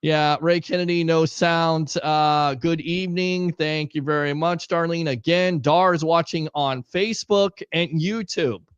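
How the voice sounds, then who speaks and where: A fairly high-voiced man hosts a live sports call-in stream, ribbing his guests and reading out viewer comments. His manner is jokey and animated. The sound is dry and a little dull, with no room around it. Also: unhurried, few pauses, clear, resonant tone, no room sound. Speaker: host.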